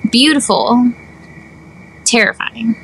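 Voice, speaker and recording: Young woman co-host, higher voice, expressive and dramatic, casual podcast chat. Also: slow pace, slight background noise, low-quality recording. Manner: animated, playfully dramatic.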